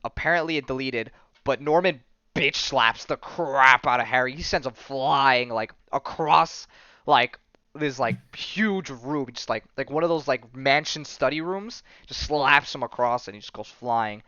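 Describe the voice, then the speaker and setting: A podcast host, retelling a comic story in casual chat and acting out the characters' lines. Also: male voice, medium pitch, a little slow, bright, forceful tone, clean tone, no room sound, dull audio. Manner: rambling storyteller, acts out quotes in a loose offhand way.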